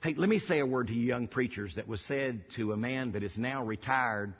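A man's voice: mid-range voice, a little fast, breathy edge. A middle-aged male pastor preaching a sermon, emphatic and repeating key phrases for weight. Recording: dull lo-fi audio with long hall reverb.

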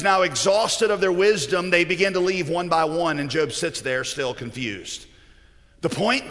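A man preaches a sermon, weaving in stories and jokes. His voice is bright and a little high. Long reverb from a large hall trails behind every phrase. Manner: storytelling, joking.

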